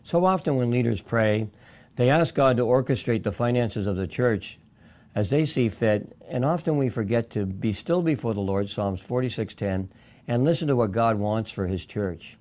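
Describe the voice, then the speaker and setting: A man reading a scripted devotional radio segment and citing scripture in a calm, measured way. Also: medium pitch. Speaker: radio Bible teacher.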